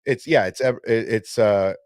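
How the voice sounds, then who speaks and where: Guy on a fan podcast, lowish voice, rambly, keeps restarting, dry sound. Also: normal speed, a little mellow, smooth, no echo. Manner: rambling, self-correcting, playful. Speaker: podcast co-host. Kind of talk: casual fan discussion.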